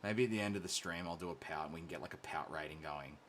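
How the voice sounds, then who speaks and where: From a hobby shop office, a man hosts a live stream painting miniatures, joking and teasing in casual chat with a playful, self-mocking manner. He has a deep voice and talks fast, sounding a bit bright, with a little hiss or hum in the audio.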